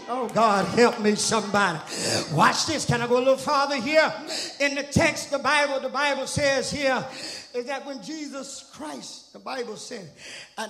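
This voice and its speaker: A woman's voice: high-pitched, fairly bright tone. A woman preacher delivering an impassioned sermon, hollering out lines and crying out to God between phrases. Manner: impassioned, hollering, exclaims "God have mercy" repeatedly. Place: church sanctuary. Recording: roomy church with faint music.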